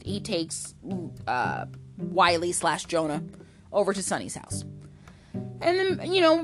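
A woman recapping a soap opera in loose, chatty talk. She is animated and unfiltered, with a middle-pitched voice and faint music underneath. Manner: chatty, animated, swears casually. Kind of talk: casual chat.

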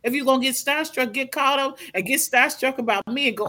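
As a podcast guest, this middle-aged Southern American woman preaches motivation in a casual, expressive way, performing the lines she quotes. She speaks in a high voice, fairly quickly and with few pauses.

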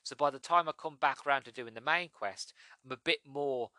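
A man giving a casual, rambling spoken game review, often restarting his sentences and acting out lines from the game in sudden loud bursts. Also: mid-range voice, a little fast, no room sound. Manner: rambling, chatty, with frequent restarts.

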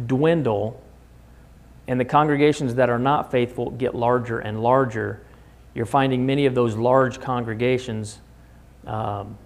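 A man leading a Bible study in a church classroom, explaining passages and putting questions to the class. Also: medium pitch. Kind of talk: conversational Bible study lesson. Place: church classroom in the American Midwest.

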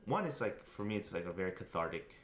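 Low-voiced man chatting earnestly. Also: very animated, quick pace. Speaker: podcast co-host. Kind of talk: casual chat. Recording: echoey room, faint noise.

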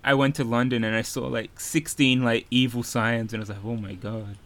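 Male podcast co-host, bright voice, rambling absurd storyteller. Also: mid-range voice, fairly even intonation, fairly quick. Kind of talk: casual chat.

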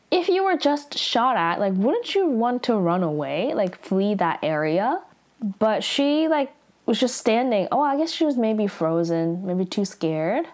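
A young woman recaps a drama episode in a loose, chatty way, with "like" scattered through her lines. She breaks off for quick, reactive asides in a mid-range voice. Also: mid-range voice, darkish tone.

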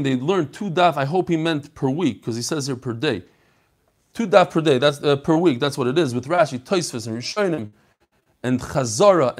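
A man with a slightly higher voice, hosting a Torah class. He tells stories in an animated, chatty way and mixes Hebrew and Yiddish terms into his speech. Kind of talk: casual daf yomi class talk.

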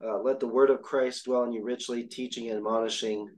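A man's voice: medium pitch, fairly even intonation, brisk, a little mellow. A man, a pastor and podcast co-host, quoting scripture and reflecting with many fillers. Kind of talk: casual discussion.

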